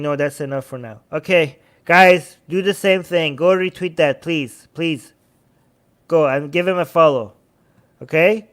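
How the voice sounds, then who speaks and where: High, smooth-voiced man hosting a livestream. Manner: animated, restarts often, reads chat aloud. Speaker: livestream host. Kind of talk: casual livestream commentary.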